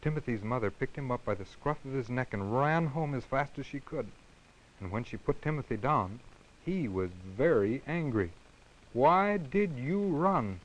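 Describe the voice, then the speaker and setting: A man reads a picture book aloud to small children, gentle and animated, lifting his voice for suspense and softening it for quiet moments. His pitch sits in an ordinary middle range for a man. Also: normal speed, muffled recording, a little hiss or hum. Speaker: children's television host.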